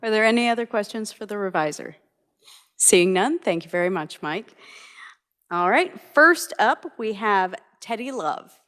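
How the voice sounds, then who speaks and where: A woman chairing a legislative committee hearing, brisk and procedural as she calls on speakers. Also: medium pitch, expressive, fairly bright tone. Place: large legislative hearing room. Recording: reverberant hearing room audio.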